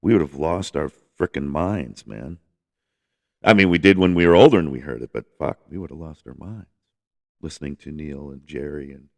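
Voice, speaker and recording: Low gravelly man, rambling music talk. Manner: rambling, enthusiastic, swears freely, many restarts. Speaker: podcast host.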